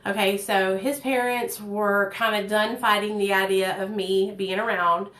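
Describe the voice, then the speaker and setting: A woman's voice: medium pitch, steady tone, a little slow, a bit bright, roomy sound. A woman in her thirties telling her own life story to viewers in a candid, earnest way, talking from her kitchen at home. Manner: candid, earnest, addresses viewers as "you guys". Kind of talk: personal storytime.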